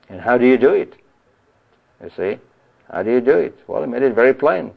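A man preaching a Bible teaching sermon. He reads scripture slowly, then explains it in a conversational way, with frequent "you see" and "you know". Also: mid-range voice, lively intonation, creaky, lo-fi sound.

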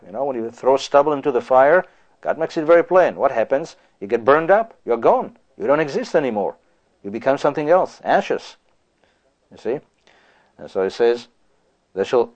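A man preaching a sermon, asking rhetorical questions and reading scripture slowly and deliberately. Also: medium pitch, sing-song, a little mellow, highs cut off.

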